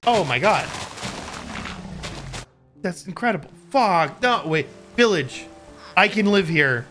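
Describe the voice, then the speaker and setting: A man streaming a game, excitable and loud, swearing and exclaiming as he plays. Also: high-pitched, takes it slowly, faint music behind. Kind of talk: live gameplay commentary.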